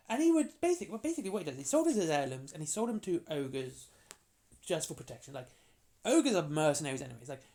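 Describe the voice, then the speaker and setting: Casual lore rambling, jokey asides, swooping pitch. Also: big pitch swings, dark tone. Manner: chatty and jokey, acts out characters in quick asides. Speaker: tabletop game lore explainer.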